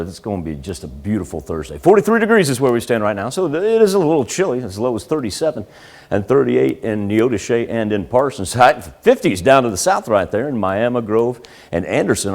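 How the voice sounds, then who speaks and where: A man's voice: mid-range voice, a little mellow. A man giving a morning TV weather forecast in an upbeat, conversational manner.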